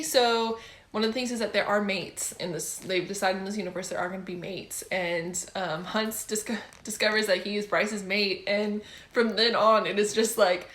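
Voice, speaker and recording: A young adult woman chatting casually about books she has read, gushing and excitable and often laughing. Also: medium pitch, moderate pace, reverberant. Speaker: book vlogger. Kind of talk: casual book review chat.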